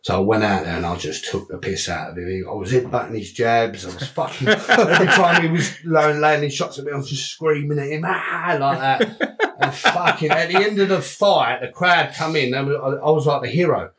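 A man's voice: mid-range voice, animated, a little fast, fairly bright tone. Man swearing through boxing tales. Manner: swears often, laughs through anecdotes. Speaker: guest, unlicensed boxer and promoter. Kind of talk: casual storytelling interview.

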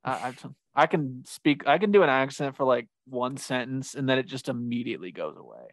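A man's voice: medium pitch, lively intonation, a little fast, no room sound. Chatty male podcast co-host, exclaims over stats, dry close recording. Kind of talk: casual sports podcast chat.

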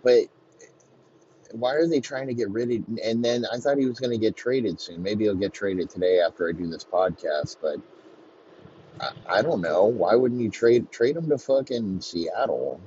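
Deep-voiced profane rambling man. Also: moderate pace, dark tone, muffled recording, a little hiss or hum. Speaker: podcast host. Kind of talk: crude comedic sports rant.

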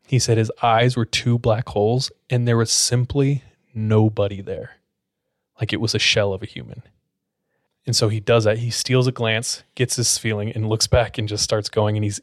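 A man with a fairly low voice tells a creepy story to his friends, drawing out the suspense with many fillers and pauses. He speaks casually and close to the mic. The sound is dry with no room echo. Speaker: podcast storyteller.

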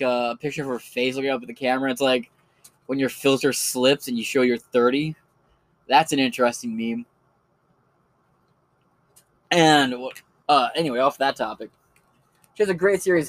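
A man talks through his picks in a loose, off-the-cuff solo podcast. His voice sits a bit high for a man, and he rambles and swears freely. The recording is close and dry, with no room sound at all. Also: no echo. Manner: rambling and profane, with many fillers. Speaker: podcast host recommending creators. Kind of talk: casual solo commentary.

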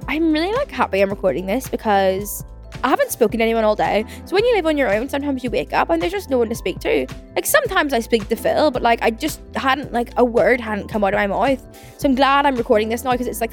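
A woman's voice: on the high side, lively intonation, fast, soft background music. A young woman hosting a casual solo podcast, rambling and chatty with lots of "like". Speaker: podcast host. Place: home.

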